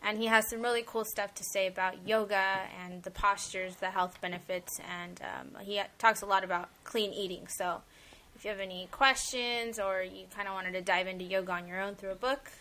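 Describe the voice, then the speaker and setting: A woman's voice: mid-range voice, steady tone, fairly quick, bright, forceful tone. A young woman guest on a casual podcast, upbeat and enthusiastic, talking with many fillers. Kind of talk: casual chat.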